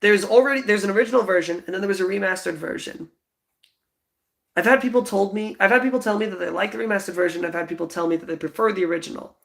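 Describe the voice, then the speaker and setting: Young man, twenties, livestream host, rambling casual chat, giggly, gravelly fry. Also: high voice, fast, fairly bright tone. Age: 20s. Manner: rambling, giggly, lots of fillers.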